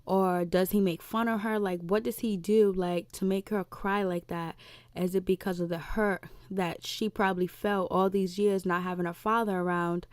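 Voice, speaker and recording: A woman's voice: mid-range voice, darkish tone, no room sound. A woman casually recapping a TV episode, rambling with lots of "you know" fillers and acting out the lines she quotes. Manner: acts out characters' lines in quick voices. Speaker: reality TV recap vlogger.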